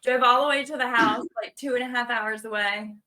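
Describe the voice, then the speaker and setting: A woman with a somewhat high voice tells a story in a casual, upbeat way. She laughs through her lines, wry and amused. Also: fairly even intonation, fairly quick, pushed and bright. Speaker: homesteader guest.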